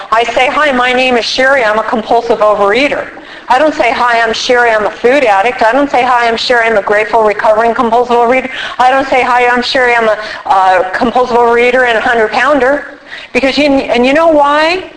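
A woman speaking casually at a recovery meeting, animated and acting out little quoted voices as she explains. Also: a little high, a little hiss or hum, rough recording. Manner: animated, acts out quotes with props. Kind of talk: casual workshop talk.

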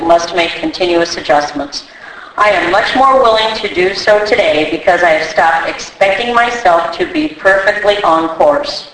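Woman, lowish voice, steady reading, far from the mic, heavy echo. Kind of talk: reading a daily reflection aloud. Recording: far from the mic in a very echoey room.

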